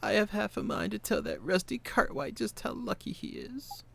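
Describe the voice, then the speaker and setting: A woman voicing a kindly, gossiping old neighbor in a video game, talking softly and fussily. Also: sits low, animated, normal speed, a little hiss or hum. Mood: gossipy. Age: older. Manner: soft-spoken, fussy, gossiping.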